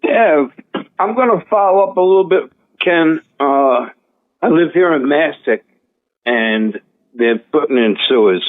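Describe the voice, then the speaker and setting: A man's voice: on the high side, lively intonation, a little slow. A man calling in to a radio show, telling a story in a plain, talky way. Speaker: caller. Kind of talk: call-in radio chat. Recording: tinny phone line.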